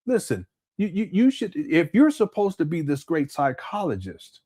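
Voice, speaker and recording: Animated man hosting a live stream. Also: a little high, moderate pace, breathy edge. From Southern California. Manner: conversational, repeats words, answers chat comments. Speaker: commentary host.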